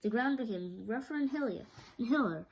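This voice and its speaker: A woman reading a children's book aloud, steady but often stumbling and restarting. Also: on the high side, fairly quick, slight background noise, rough recording. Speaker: storyteller.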